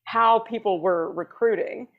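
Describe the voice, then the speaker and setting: A woman co-hosting a podcast in a loose, casual chat, given to teasing and crude jokes. Her voice sits at a typical pitch for a woman. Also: unhurried, phone-quality sound. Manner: joking, teasing, crude asides. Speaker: podcast co-host.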